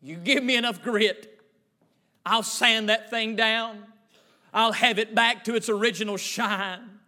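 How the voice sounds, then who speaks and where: A man's voice: sits high, steady tone, unhurried, exaggerated voice. A man voicing a tearful, determined old man talking about his long-lost car. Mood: tender. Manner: hushed, emotional, determined.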